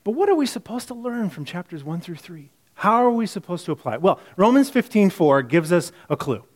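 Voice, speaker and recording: A man preaching a sermon in a conversational way, reading scripture aloud and moving between quiet, muttered asides and emphatic bursts, often repeating and correcting himself. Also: high-pitched, sing-song, fairly quick. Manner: self-correcting, repeats words. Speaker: pastor.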